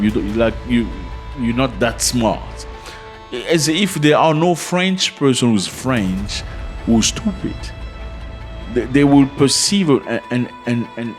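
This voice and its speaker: A man's voice: fairly low pitch, darkish tone. A man hosting a casual commentary video, talking to his viewers in a conversational way and throwing rhetorical questions at them. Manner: addresses viewers as fellas. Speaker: commentary channel host.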